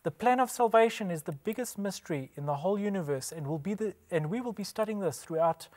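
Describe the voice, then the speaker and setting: A man's voice: sits high, lively intonation, fast talker, a little mellow. A man giving a scripted religious presentation, emphatic, posing rhetorical questions and answering them himself. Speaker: Bible presenter.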